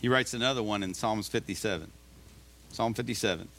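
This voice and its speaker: A male pastor delivering a sermon, reading scripture slowly and urging listeners on with emphatic, repeated exhortations. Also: lowish voice, fairly bright tone, slight background noise. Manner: reads scripture aloud slowly.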